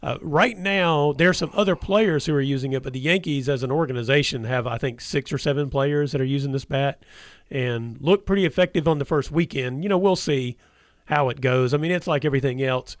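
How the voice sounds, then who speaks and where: A man's voice: mid-range voice, a little fast, no echo, clean studio sound. A man hosting a casual sports radio talk show, rambling with many restarts and hesitations.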